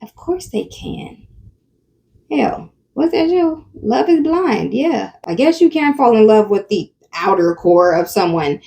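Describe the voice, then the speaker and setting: A woman hosts reaction commentary, scolding the people in the clip with blunt remarks. Her voice is high and mellow, and it swings widely in pitch. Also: sing-song, unhurried, gravelly, slight background noise. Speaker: commentary channel host.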